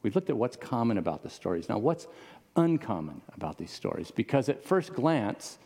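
A man's voice: medium pitch, darkish tone. A man preaching a casual, conversational sermon to a congregation in a church auditorium, often asking the audience questions. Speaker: pastor. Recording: long reverb of a large hall.

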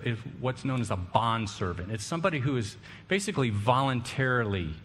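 A man's voice: fairly low pitch, fairly bright tone, a little hiss or hum. A man giving a sermon as a pastor, talking conversationally, throwing questions and asides to the congregation. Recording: reverberant hall.

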